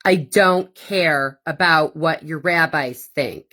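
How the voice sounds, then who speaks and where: A woman hosting her own podcast in a combative, profane rant. She speaks slowly and deliberately, with a lowish voice. Sarcastic asides cut through the blunt delivery. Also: sharp tone. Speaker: podcast host. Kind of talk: ranting monologue.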